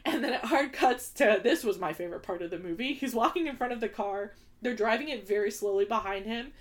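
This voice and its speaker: امرأة تسرد فيلماً بحيوية، صوت مرتفع قليلاً. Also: female voice, on the high side, a little fast. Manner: animated, acts out quoted lines in exaggerated voices. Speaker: podcast co-host. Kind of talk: casual movie recap chat.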